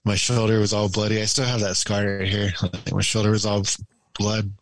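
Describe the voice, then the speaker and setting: Gravelly laid-back man telling stories. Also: on the low side, brisk, dry recording, rough recording. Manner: relaxed rambling storyteller with many fillers and laughs. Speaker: podcast guest. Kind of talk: casual storytelling chat.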